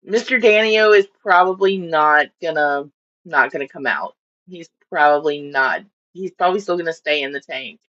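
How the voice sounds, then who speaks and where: A woman with a slightly low voice talks casually through a home live stream, rambling and stopping to give her fish silly little voices. The sound is dull and lo-fi, like stream audio. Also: lively intonation, normal speed, fairly bright tone.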